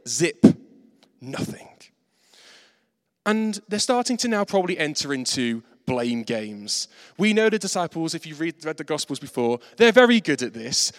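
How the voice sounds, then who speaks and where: Lively man preaching in a hall. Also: mid-range voice. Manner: animated, acts out quoted voices, self-mocking. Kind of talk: sermon. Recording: reverberant hall.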